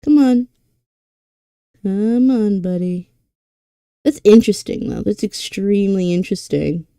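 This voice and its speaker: Slow-talking young woman streamer. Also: mid-range voice, warm tone, clean tone, no room sound, clean studio sound. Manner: drawn-out, slangy chatter. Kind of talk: casual stream chat.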